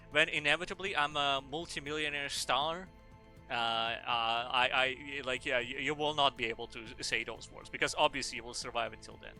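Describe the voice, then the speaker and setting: A man's voice: medium pitch, pushed and bright. A man streaming a game in casual, playful chat, rambling and swearing freely.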